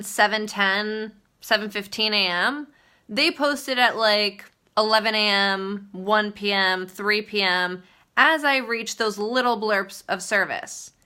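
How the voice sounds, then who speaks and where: A woman's voice: medium pitch, sharp tone, clear, resonant tone. A young woman telling a story in a casual livestream vlog, chatty and full of fillers. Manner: chatty, storytelling with many likes. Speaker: vlogger.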